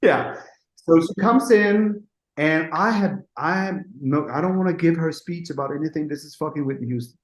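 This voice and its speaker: A middle-aged man, a music producer being interviewed, telling an animated story and acting out quotes. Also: fairly high pitch, moderate pace. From Denmark. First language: Danish. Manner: animated, acts out quotes, restarts often. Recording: roomy echo.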